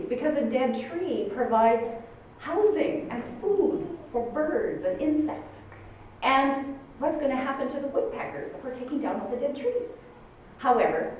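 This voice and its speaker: A woman giving a spiritual talk to a congregation, telling a story with animated, dramatic outbursts. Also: on the high side, slight background noise. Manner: animated storytelling, acting out her own shocked outbursts. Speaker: speaker giving a Sunday talk. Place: church hall with audience. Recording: echoey hall from far off.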